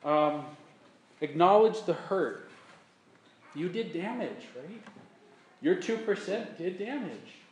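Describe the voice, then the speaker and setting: A man's voice: high-pitched, expressive, slow, pauses often, roomy sound. A man preaching a sermon as a pastor, earnest, repeating his key points and acting out sample apologies. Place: church sanctuary.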